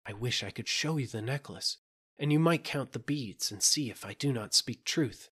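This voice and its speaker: A man voicing a secretive, fearful young maid in a storybook reading, speaking low and confidingly. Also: moderate pace, a bit bright, slightly rough. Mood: warning.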